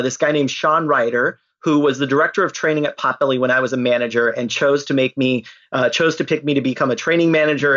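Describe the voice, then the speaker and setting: A man's voice: fairly high pitch, fairly bright tone, muffled recording. A man chatting playfully as a podcast guest, laughing easily. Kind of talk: casual interview chat.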